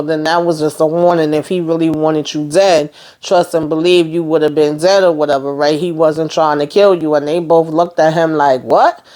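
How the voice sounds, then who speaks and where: Woman, casual recap vlogger, animated storytelling, lots of fillers. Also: deep voice. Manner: animated retelling, quoting characters, many fillers.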